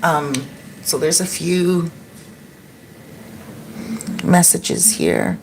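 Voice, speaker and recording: A middle-aged woman vlogging to her viewers, retelling stories in a chatty, animated way and acting out what people said. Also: lowish voice, drawn-out words, background noise. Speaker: expat vlogger. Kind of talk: casual storytelling to viewers.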